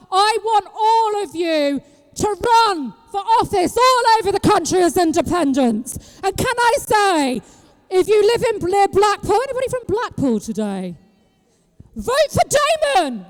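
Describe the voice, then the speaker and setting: A woman from Britain giving an impassioned street rally speech, throwing rhetorical questions at the crowd and breaking into shouts. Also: extremely high pitch, big-room sound. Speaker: street activist speaking at a rally. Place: outdoor public square at a rally.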